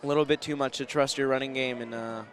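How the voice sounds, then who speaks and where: A young man giving measured, analytical color commentary on a high school football game from an outdoor booth. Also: steady tone, crowd noise. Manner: measured, hesitant with fillers, analytical. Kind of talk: sports commentary. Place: outdoor press booth at a stadium. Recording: outdoor stadium with faint band music.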